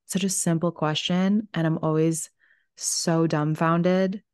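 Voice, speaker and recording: Low-voiced blunt woman podcast host. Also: steady tone, slow pace, a little mellow, clean tone, no echo, studio quality. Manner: candid and blunt, swears freely; acts out little dialogues when telling stories. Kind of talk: casual interview chat.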